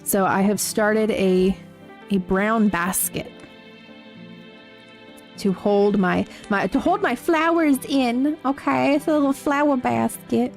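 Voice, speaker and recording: A woman hosting a casual livestream, chatting to viewers in a rambling, halting way with many fillers and giggles. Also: fairly high pitch, fairly even intonation. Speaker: livestream host. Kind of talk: casual livestream chat, answering chat. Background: faint background music.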